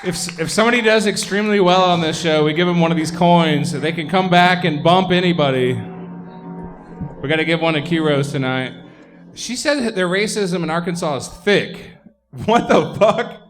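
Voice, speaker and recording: Casual male comedy show host. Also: fairly high pitch. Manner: casual, profane. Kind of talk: emceeing a live comedy show.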